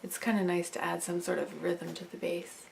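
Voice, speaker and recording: A woman teaching a song in a relaxed, soft-spoken way, now and then singing lines slowly to demonstrate. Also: fairly low pitch, creaky, slight background noise. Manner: soft, unhurried explaining, breaks into slow sung lines.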